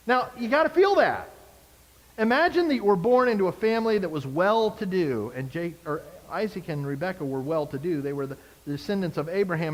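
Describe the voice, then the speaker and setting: Pastor guy preaching, voice sits pretty high, acts out quotes, big echoey hall. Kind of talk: sermon.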